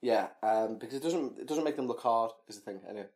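Speaking fast in a mid-range voice with a darkish tone, a podcast co-host jokes and rants off on tangents during casual chat.

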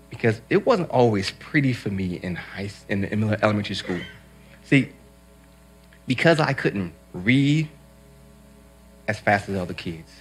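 Male preacher, husky and lively, storytelling from the pulpit with emphatic swings. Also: medium pitch. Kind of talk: sermon.

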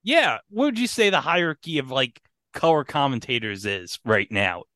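A man's voice: mid-range voice, big pitch swings, moderate pace, bright, forceful tone, no echo. Man co-hosting a podcast, dry sound. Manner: joking, quizzes his co-host. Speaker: podcast co-host. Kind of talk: casual podcast chat.

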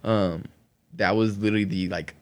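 A man's voice: lowish voice, fairly even intonation, normal speed. A man from Oklahoma telling his own story on a podcast, rambling with many fillers and breaking into laughs between sentences. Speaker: guest sharing his testimony.

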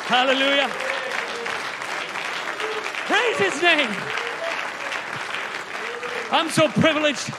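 A man preaching a sermon to a congregation, telling a story with dramatic shouts and hushed whispers. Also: very high-pitched, animated, very slow, long pauses, over a noisy crowd, heavy background noise. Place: church sanctuary.

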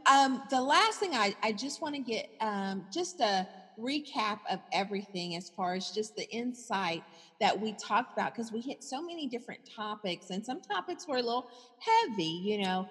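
Effusive woman host, husky voice. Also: mid-range voice, lively intonation, moderate pace, fairly bright tone, in a large hall. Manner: effusive, exclamatory, lots of wows. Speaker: talk show host. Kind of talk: casual interview chat.

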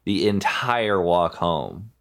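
A man with a deep voice that swings widely in pitch, chatting casually about a movie. He halts and restarts his sentences often. His delivery is loose and conversational. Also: lively intonation. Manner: halting, with frequent restarts and fillers. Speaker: podcast co-host. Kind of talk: casual film discussion.

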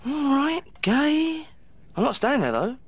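Blunt mocking slacker. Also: male voice, very high voice, very animated, slow pace, no echo, heavily acted. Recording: film audio with music.

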